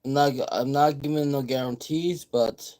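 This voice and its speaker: A man's voice: medium pitch, steady tone, moderate pace, darkish tone. Guy vlogging, rambles on and keeps repeating himself, regular mid voice. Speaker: vlogger host. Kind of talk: casual vlog chat.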